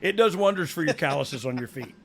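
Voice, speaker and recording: A man's voice: fairly high pitch, animated, fairly quick, gravelly, background noise. A man co-hosting a podcast in casual chat, joking around, making up silly stories and laughing often. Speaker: podcast co-host.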